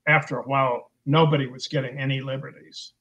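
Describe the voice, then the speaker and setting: An older man as a guest in a casual chat, answering calmly and agreeably in short replies. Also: medium pitch, a little fast, muffled recording. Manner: calm, agreeable, brief replies.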